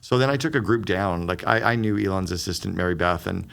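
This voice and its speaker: A middle-aged man with a very low, heavily gravelly voice talks at a rapid clip. He tells stories as a podcast guest, lively and conversational, slipping into the voices of the people he quotes. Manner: fast, animated storyteller who acts out quoted dialogue. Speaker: guest, business strategist.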